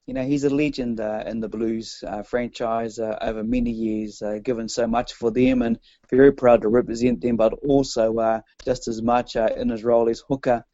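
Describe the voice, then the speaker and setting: A man's voice: medium pitch, little pitch movement, normal speed, hardly any pauses, mellow, no room sound, muffled recording. A man from New Zealand with a New Zealand accent, co-hosting a radio show in casual banter, chatty and laughing often. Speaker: radio co-host.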